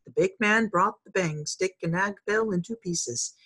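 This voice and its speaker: Husky-voiced woman reading a story aloud. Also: mid-range voice, a little slow, few pauses, poor audio. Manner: friendly, expressive.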